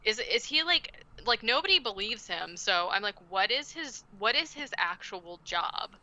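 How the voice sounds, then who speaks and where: Bright-voiced sarcastic woman podcaster. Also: fairly high pitch, very animated, normal speed, muffled recording. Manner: sarcastic, swearing, acting out quotes in silly voices. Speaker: podcast co-host. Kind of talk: casual movie recap chat.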